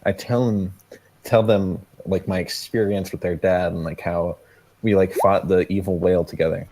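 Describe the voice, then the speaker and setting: A man's voice: deep voice, steady tone, normal speed, mellow, poor audio. Tentative young man playing a tabletop game. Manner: tentative, thinking aloud. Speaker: player. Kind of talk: casual tabletop play.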